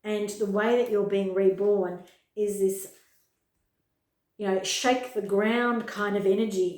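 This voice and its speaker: In a home room with her dog nearby, a woman gives an earnest, emphatic pick-a-card tarot reading to camera, repeating key words for weight. Her mid-range, darkish voice moves slowly with fairly even intonation and frequent pauses, and the room sounds echoey.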